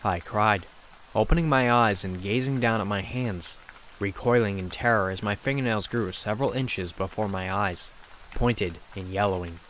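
Man, horror story narrator, low voice, steady dramatic reading, faint noise. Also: moderate pace.

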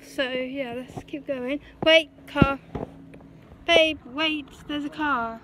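A woman's voice: high-pitched, fairly even intonation, slow, noisy background. Chatty young woman vlogging outdoors. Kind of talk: casual vlog chat. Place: outdoors on a walk.

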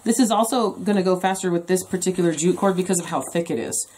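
A woman's voice: fairly low pitch, quick pace, warm tone, breathy edge. A woman hosting a casual craft tutorial from her home craft room, chatty with jokey asides. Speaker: craft video host.

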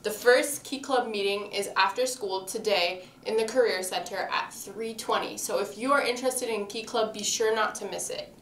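A teenage girl anchoring school video announcements, reading brightly from a script. She sits a little back from the mic in an echoey room with faint ambience behind. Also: medium pitch, normal speed, few pauses, distant mic, slight background noise. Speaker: student news anchor.

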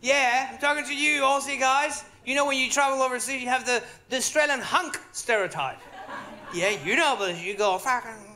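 A man's voice: very high-pitched, normal speed, bright, forceful tone. A man with a Venezuelan accent doing stand-up comedy on stage, telling stories animatedly and acting out the dialogue. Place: theater stage before live audience. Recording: roomy live venue with audience noise.

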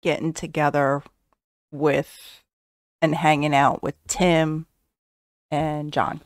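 A woman's voice: deep voice, little pitch movement, slow pace, no room sound, studio quality. A woman co-hosting a casual podcast at home, giggling often and answering in short bursts. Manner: giggly, brief replies. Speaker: podcast co-host. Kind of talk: casual chat. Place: home studio.

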